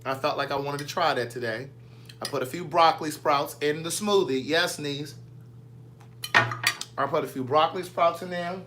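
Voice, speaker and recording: Man, bright forceful voice, pitched a touch high, easygoing vlogger chatter with viewers. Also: moderate pace, long pauses, a little hiss or hum. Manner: chatty, playful, answers viewer comments. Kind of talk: casual live chat with viewers. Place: home kitchen.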